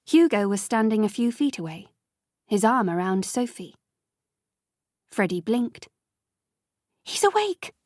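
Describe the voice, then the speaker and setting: A woman narrates a novel in an unhurried, measured way. Her voice sits in a middle range and sounds close and dry, with no room echo. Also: mid-range voice, a little mellow. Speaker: audiobook narrator. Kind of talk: scripted narration.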